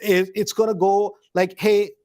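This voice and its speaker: A man teaching real estate investing in a loose, conversational way, often checking in with the listener with a quick "right?". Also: high-pitched, animated. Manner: conversational, peppers points with a tag question "right?"; acts out door-knocking scripts in a hesitant, searching tone. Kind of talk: live instructional talk.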